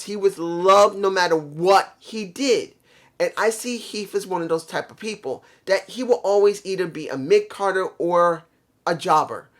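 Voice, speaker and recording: A man giving a casual, opinionated review monologue. He rants bluntly, swears freely, and has a worn voice he calls messed up. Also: high-pitched. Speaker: show reviewer.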